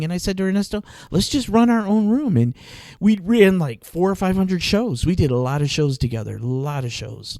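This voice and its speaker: A man casually telling an animated story on a podcast, laughing often. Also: a little high, dry recording. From Arizona, US. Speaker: podcast host.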